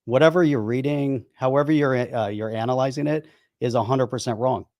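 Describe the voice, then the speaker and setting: A man at an average pitch talks bluntly and emphatically in casual podcast chat. He hammers his points with restarts and repetition. The sound is dry, with no room echo. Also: a little fast, darkish tone. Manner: blunt, emphatic, repeats himself. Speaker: podcast co-host.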